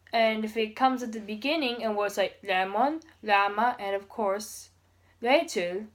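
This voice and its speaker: A woman giving a casual homemade language lesson, pausing often and slowly repeating sounds for practice. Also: a little high, a bit bright. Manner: halting, many restarts and fillers. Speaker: language teacher.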